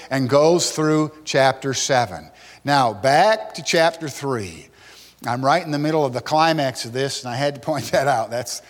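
A man preaching an expository sermon from the pulpit, animated, swinging between loud outbursts and hushed asides. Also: fairly high pitch, big-room sound. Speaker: pastor.

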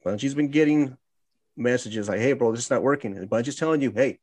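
A man's voice: medium pitch, fast, a little mellow. A man hosting a casual gaming podcast, reading out news with laughing asides and mock quotes. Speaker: podcast host.

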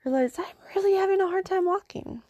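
A woman's voice: very high-pitched, fast, warm tone, no echo, dull audio. A woman in her thirties hosting a podcast, telling a story in a casual, rambling way and talking through her thoughts. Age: 30s. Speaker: podcast host.

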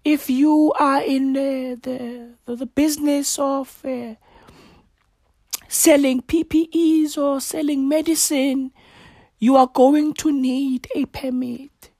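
A woman mimicking a droning, halting older politician. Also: sits high, fairly even intonation, dark tone, dry recording, pitched above the performer's own voice. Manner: slow, halting, full of uhs and sighs.

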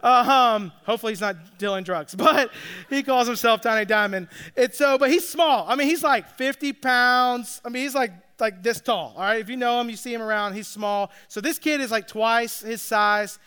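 A man's voice: extremely high pitch, normal speed, pushed and bright, smooth. A man who coaches youth flag football and is a father, telling a story casually and checking in with his listeners as he goes. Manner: chatty, checks in with listeners with "all right?" and "like".

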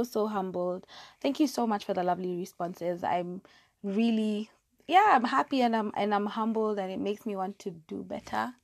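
Mid-range and a little mellow, this young woman's voice comes through a lapel mic clipped to her hair, with no room sound. She hosts a casual solo podcast from her bedroom, chatty and self-deprecating, with frequent fillers and restarts.

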